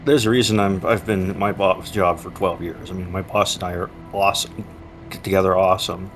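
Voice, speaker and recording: Relaxed chuckling man on call. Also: low voice, a little fast, soft background music. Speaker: co-player. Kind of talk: casual chat.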